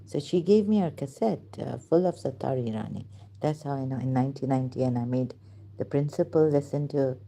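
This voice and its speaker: A woman's voice: low voice, expressive, normal speed, vocal fry, mellow. A woman in her fifties from Pakistan telling a meandering personal story, searching for words, laughing and apologizing often. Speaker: channel host. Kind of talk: rambling personal storytelling to camera.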